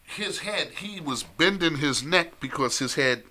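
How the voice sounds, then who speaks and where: A man telling a long story in casual chat on a live stream, animated, repeating phrases and laughing often. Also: fairly high pitch, a little slow.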